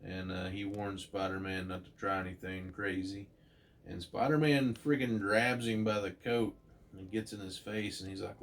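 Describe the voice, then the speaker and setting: A man's voice: low-pitched, fairly even intonation, normal speed. A man hosting his channel, casually retelling a comic story in a chatty way with many fillers. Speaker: comic book channel host.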